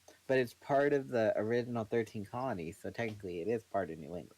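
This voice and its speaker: A man with a fairly low voice reads a novel aloud in a plain, steady manner. He switches easily into relaxed chat with a co-host between chapters. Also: fast, no echo, rough recording. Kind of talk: reading a book aloud, then casual chat.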